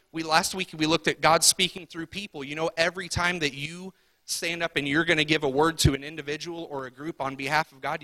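A man's voice: fairly high pitch, pushed and bright, dry recording. A man preaching a sermon as pastor, talking conversationally and asking the congregation repeated rhetorical questions.

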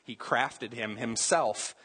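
A man's voice: medium pitch, slow, a bit bright, slightly rough. A young adult man, a pastor, preaching a sermon in a casual, conversational way with joking asides.

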